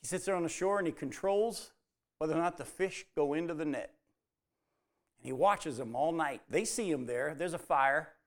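A man's voice: on the high side, moderate pace. A man preaching a sermon, telling the story and acting out the quoted lines as dialogue.

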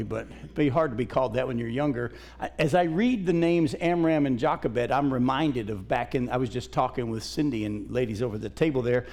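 A man's voice: medium pitch, creaky, darkish tone. A middle-aged man, a pastor, teaching from scripture in a folksy, conversational sermon in a church. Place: church sanctuary.

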